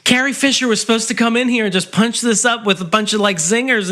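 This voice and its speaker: A man co-hosting a podcast in casual chat, riffing quickly into playful bits and made-up scenarios. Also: very high voice, pushed and bright. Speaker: podcast co-host.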